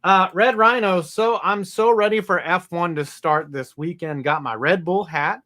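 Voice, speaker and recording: Loose, joking male podcast co-host, slightly high voice, swears freely. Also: moderate pace, sharp tone. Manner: loose, swearing, jokey asides. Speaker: podcast co-host reading listener comments. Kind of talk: casual sports chat.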